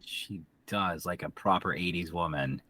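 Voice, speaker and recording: A man co-hosting a podcast, chatting casually and throwing in quick teasing remarks during an episode recap. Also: low voice, sharp tone, slightly rough, no room sound. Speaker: podcast co-host.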